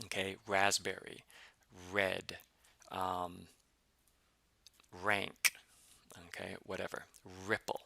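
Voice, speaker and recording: A man teaching a pronunciation lesson, explaining patiently step by step with many fillers and repeating example syllables slowly. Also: low voice, gravelly, pushed and bright, no echo. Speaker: language teacher.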